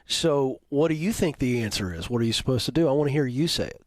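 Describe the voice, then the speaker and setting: A man giving career advice to a caller on a radio show, calm and coaching as he asks probing questions. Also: mid-range voice, quick pace, no room sound. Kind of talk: call-in advice.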